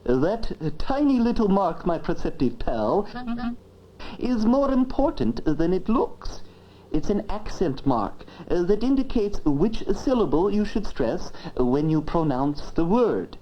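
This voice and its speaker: A woman plays a pompous talking dictionary in an educational film, fussy and grandiloquent as she lectures. She uses a full character voice that is lowish, sing-song, and slow, captured in dull lo-fi old film sound.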